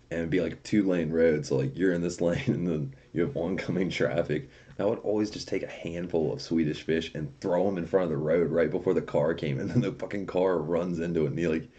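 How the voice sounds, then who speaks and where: A man's voice: deep voice, dark tone. A young man casually chatting on a livestream, reading viewer comments aloud and telling profane stories with frequent laughter. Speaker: streamer.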